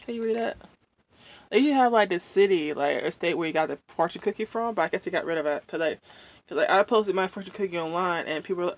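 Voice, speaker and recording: A vlogger, chatting casually while eating at home, venting in a rambling way full of fillers. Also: medium pitch. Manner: rambling, drawn-out, many fillers. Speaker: mukbang vlogger.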